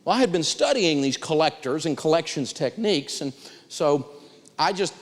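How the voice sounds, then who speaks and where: Animated man teaching in a reverberant hall. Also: normal speed. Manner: animated storytelling with big pitch swings. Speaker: personal finance teacher. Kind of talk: live seminar lecture.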